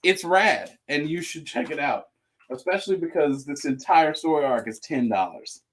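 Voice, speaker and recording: A man's voice: a little high, expressive, moderate pace. A man with a Southern American accent, hosting a live sale and chatting casually, joking as he reads out items. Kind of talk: casual live sales chat.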